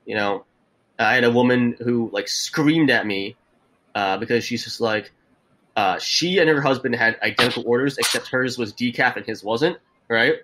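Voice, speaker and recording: A young man co-hosting a podcast, chatting casually and telling animated, profane stories, acting out other people's voices. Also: medium pitch, normal speed, noisy background. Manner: swearing, animated storytelling with put-on voices. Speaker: podcast co-host. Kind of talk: casual chat.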